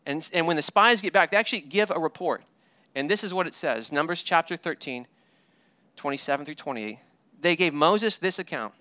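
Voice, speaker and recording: A man preaching a sermon as pastor, animated and storytelling, often repeating words as he restarts. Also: on the high side, fairly quick, no echo. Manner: animated storytelling with paraphrased dialogue; frequent word repeats and restarts.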